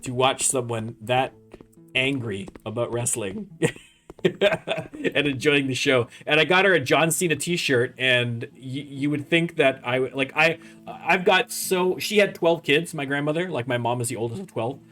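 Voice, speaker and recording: A man's voice: medium pitch, animated, a little slow, fairly bright tone, soft background music. Joking canadian man chatting over a game. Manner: joking, rambling. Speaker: gaming channel host. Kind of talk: casual let's-play chat.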